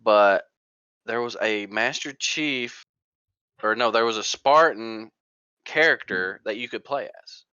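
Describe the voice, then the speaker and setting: A man chats casually on a gaming podcast, wandering through his thoughts with plenty of ums and restarts. His voice comes across smooth and clean in a dry, close space. The recording itself sounds a little dull and muffled. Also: fairly low pitch, measured pace, sharp tone, no echo. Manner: rambling, trails off and restarts with fillers. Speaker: podcast co-host.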